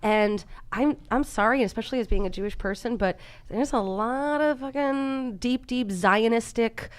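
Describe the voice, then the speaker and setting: A woman co-hosting a podcast, telling stories in an excited, emphatic way and swearing freely. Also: a little high, moderate pace. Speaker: podcast co-host. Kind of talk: casual podcast chat.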